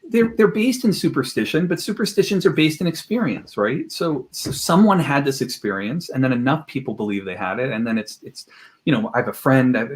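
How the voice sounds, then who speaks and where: Male podcast guest, mid-pitched, lively storyteller who acts out quotes, on a video call. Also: fairly quick. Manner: animated, jumps into quoted voices, laughs while talking. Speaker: guest expert. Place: home room with collected objects.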